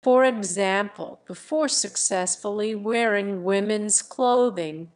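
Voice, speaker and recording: A woman reading a translated voice-over in a flat, even, measured way. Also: medium pitch.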